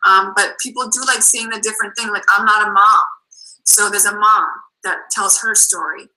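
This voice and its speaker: A woman's voice: mid-range voice, fairly even intonation, moderate pace, bright, forceful tone, poor audio. A woman with a Boston accent, chatting casually as a guest coach on a team call, full of "like" and "um".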